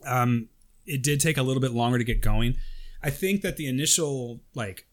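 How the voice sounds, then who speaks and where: A man's voice: medium pitch, moderate pace. A man co-hosting a podcast, chatting casually and reading a listener's email aloud with jokes. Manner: animated, jokey, reads listener mail aloud. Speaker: podcast co-host.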